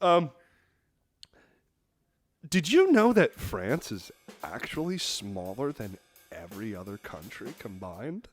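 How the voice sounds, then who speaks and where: A man's voice: lowish voice, big pitch swings, slow pace, pauses often, music in the background. A young man co-hosting a podcast, reading bad jokes aloud and giggling as he goes. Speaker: podcast co-host. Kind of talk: casual podcast banter.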